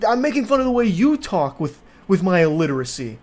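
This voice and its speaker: A man voicing an enraged, barely literate forty-year-old man who rants in a shrill, indignant way. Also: sing-song, brisk, darkish tone. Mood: smug.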